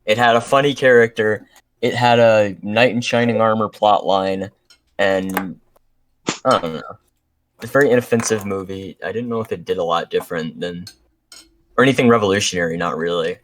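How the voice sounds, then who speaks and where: A man chatting casually on a podcast, with dry, deadpan sarcasm. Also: lowish voice, moderate pace, slight background noise. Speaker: podcast guest. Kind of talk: casual chat.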